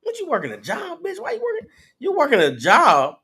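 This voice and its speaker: A man putting on a brash, crude male pimp who taunts in rapid street talk. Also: extremely high pitch, huge pitch swings, sharp tone, pitched above the performer's own voice, heavily acted. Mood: taunting.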